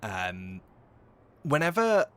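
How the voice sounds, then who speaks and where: A man's voice: mid-range voice, huge pitch swings, extremely slow, a bit bright, clear, resonant tone. A young British man from England, live-streaming a game and chatting jokily with his viewers. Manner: chatty, jokey, reads and answers chat. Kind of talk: casual live-stream chat while gaming.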